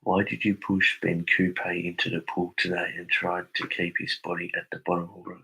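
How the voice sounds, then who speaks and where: A man's voice: low voice, monotone, normal speed, vocal fry, sharp tone, husky, poor audio. A young Australian man on a casual live stream, reading viewer comments aloud and answering them.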